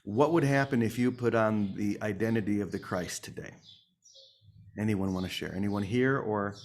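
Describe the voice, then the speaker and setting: A man's voice: lowish voice, moderate pace. A man leading a morning spiritual session in a playful, humorous way, calling on listeners by name. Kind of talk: informal sermon.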